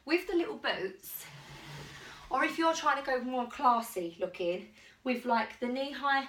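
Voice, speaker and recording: Here a woman with a high-pitched, fairly bright voice speaks a little slowly as she tries on outfits for her fashion vlog. Her haul chat is chatty, rambling and enthusiastic, recorded at home. There's slight background noise, a distant mic and an echoey room.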